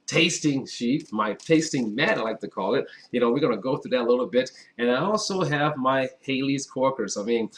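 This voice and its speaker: A man's voice: medium pitch, fairly bright tone. A chatty man in the middle of his voice range runs a casual wine tasting at a table indoors. He talks straight to the viewers, upbeat and easygoing. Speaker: wine reviewer.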